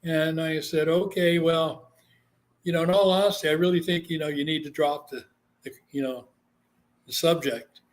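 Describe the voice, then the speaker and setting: A man's voice: on the high side, normal speed. Man from Guam telling a story. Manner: animated, acts out quoted voices. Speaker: psychic medium guest. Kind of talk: casual storytelling interview.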